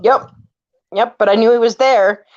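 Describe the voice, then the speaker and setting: A woman in her forties from California chats casually, telling family ghost stories and acting out what people said in their voices. Her voice is a little high and animated, with casual swearing and a normal pace. The recording is dull and lo-fi, with no room sound.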